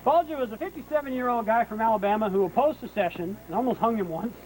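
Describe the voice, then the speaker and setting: A man guiding an outdoor battlefield tour, telling history as a lively story and acting out what people said. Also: high-pitched, fast talker, low-quality recording. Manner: lively storyteller, acts out quotes. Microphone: hand-held camera. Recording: outdoor camcorder recording with noise.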